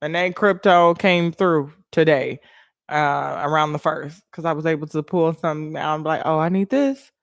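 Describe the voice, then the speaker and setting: A young adult woman hosting a casual livestream, animated and laughing as she thanks viewers by name. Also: low-pitched, normal speed, gravelly, dry recording, studio quality. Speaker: livestream host.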